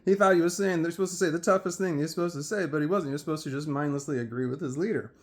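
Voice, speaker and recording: Give me a quick-talking man with a slightly high voice telling a lively personal story. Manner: animated, quotes others in dialogue.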